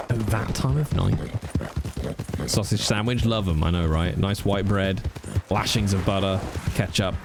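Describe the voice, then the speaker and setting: A man's voice: on the low side, measured pace, long pauses, very noisy. A man streaming live, chatting casually with viewers in a playful, rambling way and swearing freely.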